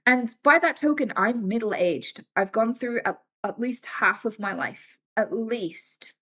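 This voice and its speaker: A woman's voice: on the high side, measured pace. Woman in her thirties chatting to her stream. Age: 30s. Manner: animated and swearing, acts out quoted voices. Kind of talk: casual live-stream chat.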